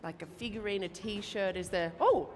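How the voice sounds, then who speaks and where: A woman hosting a live stage Q&A, bubbly and quick to laugh. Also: medium pitch, big-room sound, soft background music. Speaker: host.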